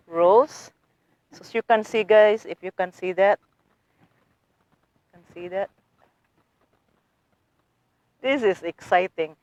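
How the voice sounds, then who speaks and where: A woman's voice: medium pitch, dry recording. A woman showing viewers her garden work in a casual how-to vlog, eager and chatty, often calling them guys. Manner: eager, addresses viewers as guys, non-native phrasing. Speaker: gardening vlogger.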